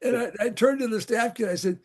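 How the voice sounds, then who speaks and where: Older man with a high voice, casual storyteller, restarts and chuckles. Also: quick pace, darkish tone. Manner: rambling anecdotes with frequent restarts and laughs. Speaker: guest, former camp rec director.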